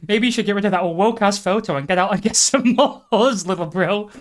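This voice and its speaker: A woman's voice: mid-range voice, fairly quick, close to an everyday voice. A woman voicing a smug young woman friend who talks in slangy internet speak, read aloud from a fanfic.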